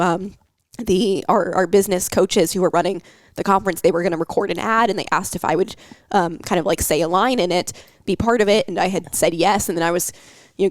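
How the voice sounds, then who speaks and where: A young adult woman health coach talking openly about her anxiety in a podcast, emotional and halting, with many fillers. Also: fairly low pitch, no echo. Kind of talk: personal podcast talk.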